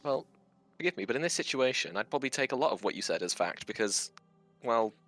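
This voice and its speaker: A man player in a casual tabletop game, talking fast and asking question after question. His voice is lowish and bright with some edge to it, and faint music sits underneath. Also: animated.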